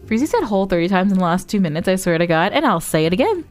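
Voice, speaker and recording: A woman's voice: mid-range voice, sing-song, quick pace, faint music behind. Giggly, chatty woman streamer. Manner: giggly, playful, chatty, with frequent gasps. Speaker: variety streamer. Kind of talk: casual live-stream gameplay chat.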